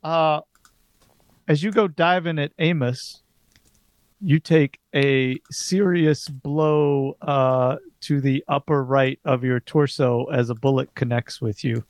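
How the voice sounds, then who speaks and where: A man's voice: mid-range voice, steady tone, slow pace, no room sound, studio quality. A man narrating as game master of a tabletop horror game, describing scenes hesitantly with many fillers.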